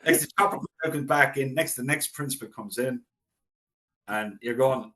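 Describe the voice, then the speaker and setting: A middle-aged Irish man, a local historian, telling anecdotes in a relaxed interview and acting out the voices of people he quotes. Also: mid-range voice, moderate pace. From Ireland. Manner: chatty anecdotal storyteller, acts out quoted voices. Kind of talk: casual storytelling interview.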